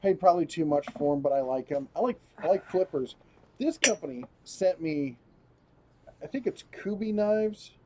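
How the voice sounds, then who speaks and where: A man's voice: fairly high pitch, lively intonation, normal speed, a little hiss or hum. A man hosting a casual live stream, rambling as he reads viewer comments aloud and chats. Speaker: host.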